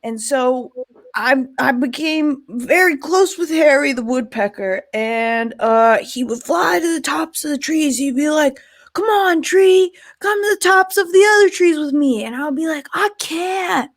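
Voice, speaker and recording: High voice, slow pace, woman playing a talking tree, earnest, improv comedy. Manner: slow, earnest, emotional storytelling.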